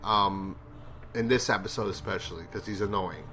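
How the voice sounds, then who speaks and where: A man's voice: on the low side, normal speed, pushed and bright. A man giving a casual, rambling TV episode review, blunt and profane in his opinions. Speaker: TV show reviewer.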